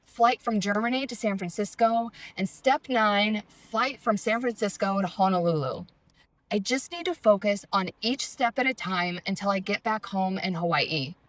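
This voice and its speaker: A woman reading her own travel memoir aloud in a calm, reflective, measured way. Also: medium pitch, no room sound. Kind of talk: first-person memoir reading.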